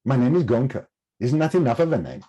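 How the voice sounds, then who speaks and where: Guy doing a husky old indian-accented meditation teacher, humble, waves off praise. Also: mid-range voice, very animated, fast talker, warm tone. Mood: insistent. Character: elderly male meditation teacher, humble, giggly.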